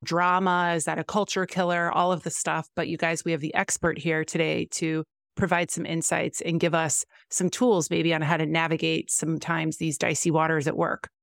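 A woman's voice: low-pitched, flat delivery, normal speed, gravelly, hardly any pauses, no room sound, studio quality. A woman hosting a podcast, upbeat and chatty as she introduces her guest and asks questions. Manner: upbeat, chatty with filler words. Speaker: podcast host. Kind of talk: interviewing a guest.

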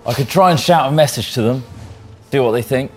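A man's voice: medium pitch, a little fast, faint music behind. A man playing a tabletop game, joking and in character. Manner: lively, joking, sometimes shouting. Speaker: player. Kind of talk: casual in-character play.

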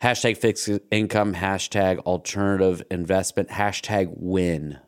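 A man's voice: low voice, fairly even intonation, unhurried, smooth. A man hosting a podcast, telling a story in a wry, sarcastic tone. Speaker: podcast host. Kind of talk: casual comedic narration.

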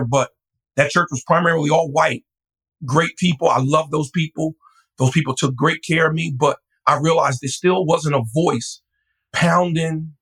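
A middle-aged male pastor recounting his story in an interview, animated and quick to act out voices. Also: on the high side, husky, rough recording. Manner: animated, laughing, acts out voices.

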